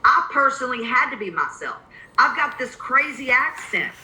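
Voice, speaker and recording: Bright-voiced Southern woman coaching. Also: high-pitched, big pitch swings, normal speed, roomy sound, poor audio. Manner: emphatic, repeats key points. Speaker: real estate cold-calling coach. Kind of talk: live coaching webinar.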